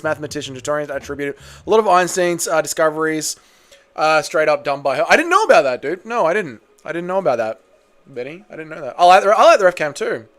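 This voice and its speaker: A man hosting a casual fight watchalong stream. He reads out chat messages and swears freely. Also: a little high. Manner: loose and profane, bursts into shouts at big moments. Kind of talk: casual live-stream commentary and chat reading.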